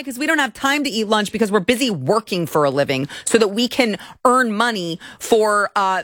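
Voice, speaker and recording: A woman hosting a political commentary show, talking in a sarcastic, indignant, animated way. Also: mid-range voice, no echo, clean studio sound.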